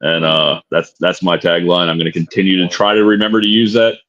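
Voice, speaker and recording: A man's voice: low-pitched, flat delivery, a little fast, a bit bright. A man co-hosting a casual podcast, talking in a laid-back, brotherly way. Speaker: podcast co-host. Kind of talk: casual chat. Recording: slightly dull lo-fi sound.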